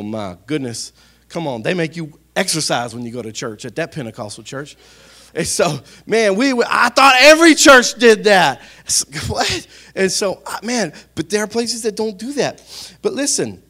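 A man preaching a sermon in a church on a handheld microphone, playful and animated, calling out to his congregation. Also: on the high side, slightly rough. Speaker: pastor. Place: church sanctuary.

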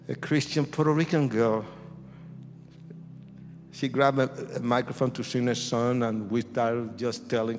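A man giving a dramatic testimony sermon in a church, theatrical and bursting into shouts as he acts out scenes. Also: mid-range voice. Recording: long church hall reverb.

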